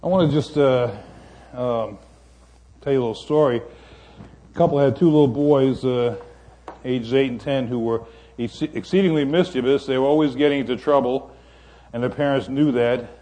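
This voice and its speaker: An older man as a guest preacher, delivering a sermon in a folksy, unhurried way, telling stories with many pauses. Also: mid-range voice, mellow.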